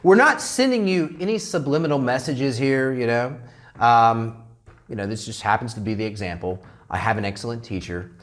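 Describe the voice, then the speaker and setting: Man, English teacher, classroom lesson, repeats phrases slowly, animated intonation. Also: medium pitch. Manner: drills phrases, asks "okay?" constantly.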